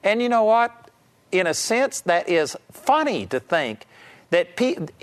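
Emphatic man preaching on television. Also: a little high. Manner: conversational, emphatic teaching with asides to viewers. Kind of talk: televised sermon.

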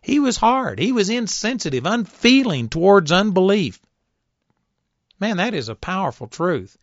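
A man preaching a sermon, telling a story and rising to forceful shouts when he quotes someone. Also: high-pitched, very animated, a little slow, dry recording, muffled recording. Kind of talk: sermon teaching.

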